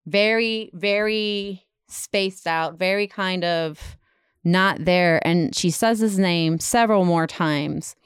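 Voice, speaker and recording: A woman with a smooth, clear voice tells a dramatic story in a loose, chatty way, full of "like" and "kind of." The sound is dry and close, with no room around it. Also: on the low side, takes it slowly, no echo. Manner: dramatic retelling with many fillers. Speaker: podcast storyteller. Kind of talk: casual storytelling.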